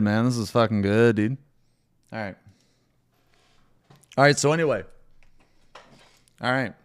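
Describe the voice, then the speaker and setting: A man streaming a game live, commenting as he plays and ranting about the fight with heavy swearing. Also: medium pitch. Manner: profane, ranting, quick to shout in frustration.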